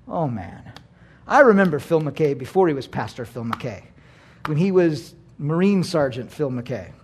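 A male pastor delivers a sermon in a notably high voice. He moves from soft, low asides to near-shouts and slips into little acted voices along the way. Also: breathy edge. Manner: animated, swings from soft to shouting, acts out voices.

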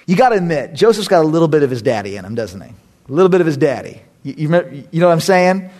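A man's voice: fairly high pitch, sing-song, quick pace, darkish tone. A man preaching a sermon as a pastor, joking and conversational, often breaking into laughter.

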